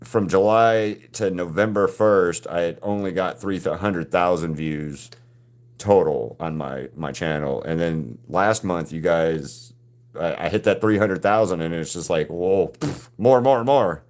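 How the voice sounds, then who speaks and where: A man hosting a live drawing stream, chatting casually with viewers and often restarting his sentences. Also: sits low. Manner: halting, frequent restarts and repeated words.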